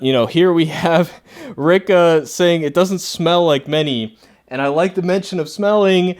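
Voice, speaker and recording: Young male reviewer, smooth voice, mid pitch, chatty and sarcastic. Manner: chatty, laughs often, sarcastic asides. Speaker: comic book reviewer. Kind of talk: casual spoken review.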